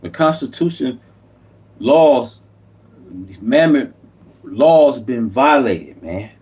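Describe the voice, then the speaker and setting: A man's voice: medium pitch, lively intonation, slow, a little mellow. A man, delivering an unscripted, impassioned political monologue as a YouTube commentator, repeating himself and preaching.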